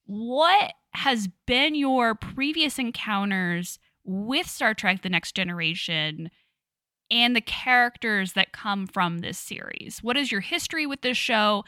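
A woman's voice: on the high side, animated, unhurried, sharp tone, no room sound. A woman co-hosting a podcast in casual chat, dry and sarcastic. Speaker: podcast co-host, teacher. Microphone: podcast microphone.

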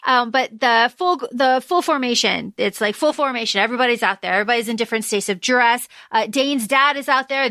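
A woman's voice: fairly high pitch, a bit bright, no echo, clean studio sound. A woman co-hosting a podcast, chatting casually about a book and reading out quotes between filler ums. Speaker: podcast co-host.

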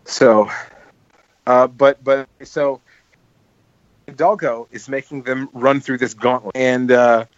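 A man's voice: mid-range voice, slow pace, pauses often, dull audio. Rambling man retelling a comedy. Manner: rambling, animated storytelling with quoted movie lines. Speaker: podcast co-host. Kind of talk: casual chat.

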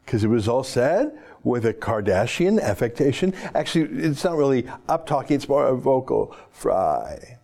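A man's voice: mid-range voice, big pitch swings, normal speed, gravelly, hardly any pauses, darkish tone. A man hosting an opinionated political monologue, talking in a sarcastic, mocking and emphatic way. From Canada. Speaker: political commentator host.

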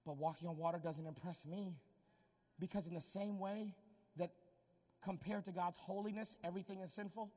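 A man voicing a patient divine spirit who quietly explains things to a son. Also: high-pitched, steady tone, moderate pace, long reverb tail. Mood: patient teaching.

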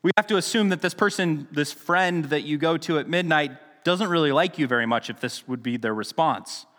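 A man's voice: on the high side, brisk, a bit bright, big-room sound. A man preaching a sermon in a casual, conversational teaching style, with frequent restarts and asides. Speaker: pastor.

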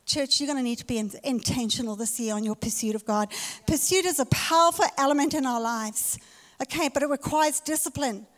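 A woman's voice: sits high, fairly quick. A woman pastor preaching a sermon in a church, emphatic and repeating her key phrases. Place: church hall. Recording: reverberant church hall.

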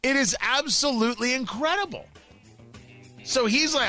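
A man's voice: on the high side, sing-song, normal speed, bright, forceful tone, soft background music. A middle-aged man hosting a talk radio show, riffing in a monologue, often restarting his sentences and acting out quotes.

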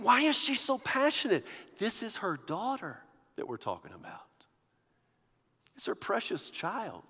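A man preaching a sermon, animated, shifting from hushed to loud. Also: high-pitched. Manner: animated, swinging from hushed to loud with quoted voices. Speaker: pastor. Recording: long hall reverb.

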